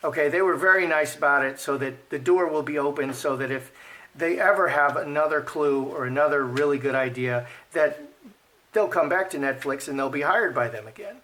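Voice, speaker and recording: A man's voice: a little high, normal speed, pushed and bright. A man giving casual commentary while reading cards, thinking aloud, repeating himself and murmuring the card names. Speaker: card reader.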